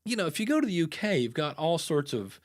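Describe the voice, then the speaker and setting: Man, higher voice, podcast host, casual chat, animated, jokey, rambling. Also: fast talker. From United States.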